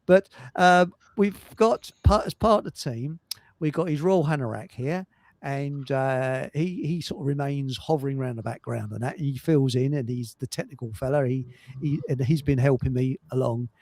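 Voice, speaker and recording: A man's voice: mid-range voice, a little mellow, no echo. Rambling man hosting a stream. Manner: rambling, halting with many restarts. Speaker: livestream host. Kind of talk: casual chat. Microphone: computer mic on a video stream.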